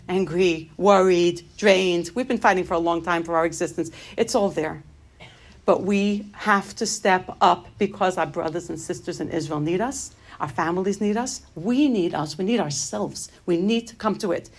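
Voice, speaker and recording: A middle-aged woman giving an inspirational talk, telling personal stories in an animated, humorous way that turns grave at moments. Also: fairly low pitch. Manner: animated, humorous, shifting between light and grave. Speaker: inspirational speaker.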